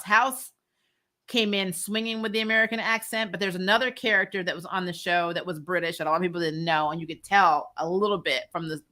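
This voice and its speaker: Woman host, bright and forceful tone, chatty live-stream banter with viewers, laughs a lot. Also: mid-range voice. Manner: chatty, laughs often, quick asides. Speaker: YouTube host discussing a TV series. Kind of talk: casual live-stream chat, reading viewer comments.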